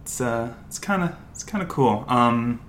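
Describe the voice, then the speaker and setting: A young American man co-hosting a podcast rambles through casual chat, thick with fillers and restarts. His medium-pitched voice is expressive and a bit bright, at a moderate pace.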